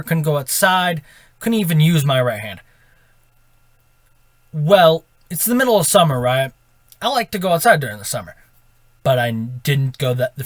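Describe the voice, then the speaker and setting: Rambling higher-voiced man telling a story. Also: fairly bright tone, dry recording, clean studio sound. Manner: rambling, with self-corrections and "right?" tag questions. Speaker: storytime vlogger.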